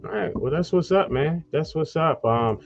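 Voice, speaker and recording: A man's voice: fairly high pitch, expressive, normal speed, vocal fry, no echo, soft background music. Give me a man hosting a live online talk show, loose and chatty, on a dull dry mic. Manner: loose, rambling, promo-heavy. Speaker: host.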